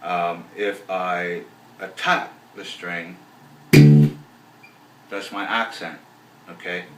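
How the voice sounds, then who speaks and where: A man teaching a bass lesson in a relaxed, rambling way, counting beats aloud as he explains. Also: drawn-out words, loud music behind the voice. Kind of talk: casual video lesson. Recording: roomy, voice from a distance off the mic.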